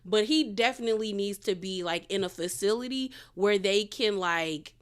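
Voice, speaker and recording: A woman talks through a reality TV episode in a loose, colloquial recap. Her telling is chatty and animated, full of slang, at a middle pitch. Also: normal speed, smooth. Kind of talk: casual episode review.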